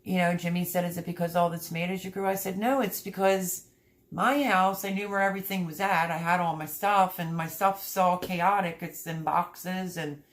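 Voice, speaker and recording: A woman's voice: fairly low pitch, fairly even intonation, normal speed. A middle-aged woman hosting a homestead livestream, reading viewer comments aloud in a chatty, heartfelt way from her home. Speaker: homesteading channel host reading live chat. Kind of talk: casual livestream chat. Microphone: streaming setup.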